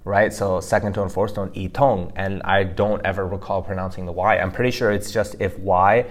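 Chatty low-voiced podcast co-host man. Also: steady tone, moderate pace. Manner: chatty, repeats himself, many fillers. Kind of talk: casual language lesson podcast.

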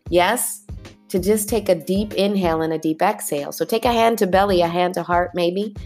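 Animated woman host coaching breathing. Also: fairly low pitch, normal speed, soft background music. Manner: warm, animated, colloquial with "y'all" asides. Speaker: podcast host. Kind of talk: motivational podcast talk with guided breathing.

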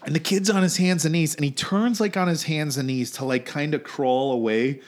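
Man, young adult, high-pitched, podcast co-host, casual profane chat, animated. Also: brisk. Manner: animated, swears constantly, acts out quotes.

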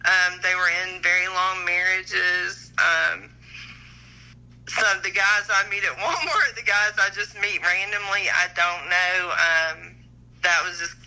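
A woman's voice: on the low side, takes it slowly, bright, forceful tone, low-quality recording. A middle-aged woman calling in, chatting frankly and giggling about her dating life. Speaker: caller. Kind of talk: casual chat.

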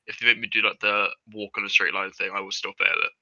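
A man's voice: on the low side, flat delivery, quick pace, sharp tone, dull audio. A young man with an English accent, a podcast guest chatting casually, laid-back, self-deprecating and swearing often. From England. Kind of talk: casual chat.

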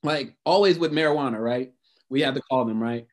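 A man chatting casually about his past work as a supervisor, relaxed and conversational. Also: medium pitch, a little fast. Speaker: former housing supervisor. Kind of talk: casual chat.

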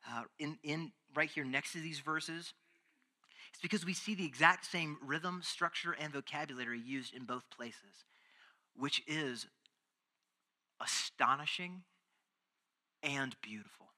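A male pastor delivering a sermon in a very bright, ringing voice pitched a little high. He preaches emphatically, dropping to near-whispers and then building to loud, fervent stretches. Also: unhurried, pauses often. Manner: emphatic, swings from hushed to loud.

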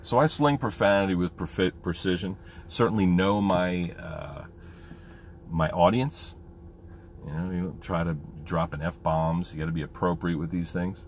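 Deep-voiced veteran talking candidly. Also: male voice, normal speed, slight background noise. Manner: candid, rambling, many fillers. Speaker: military veteran. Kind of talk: casual monologue.

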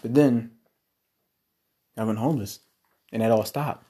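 A man who wrestles talks through his past in a loose, rambling monologue, bragging and swearing as he goes. His voice is mellow and dark, with a husky edge. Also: mid-range voice, measured pace. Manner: rambling, boastful storytelling with swearing. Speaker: independent wrestler. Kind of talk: casual monologue.

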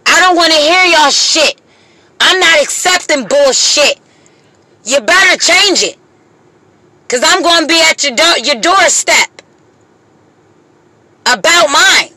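Her voice sits high with lively intonation and a sharp tone, in a rough recording. She's a single mother giving an impassioned, pleading monologue to camera, swearing frequently, emphasizing slowly and deliberately, and at moments close to crying.

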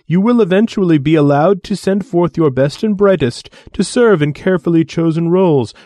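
A man's voice: fairly high pitch, warm tone, no echo, clean studio sound, voice pushed up, close to an everyday voice. A man voicing a pompous alien envoy. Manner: pompous, lecturing. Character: haughty male alien envoy, condescending and disdainful.

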